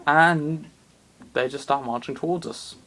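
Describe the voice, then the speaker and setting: A man telling an absurd comic story in a rambling, excitable way with plenty of fillers. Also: fairly high pitch, a little slow.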